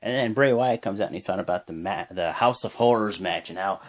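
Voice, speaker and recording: A young man giving a casual, rambling play-by-play recap of a wrestling show, jumping into high yells when he acts out the wrestlers' lines. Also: fast talker. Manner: rambling with many fillers.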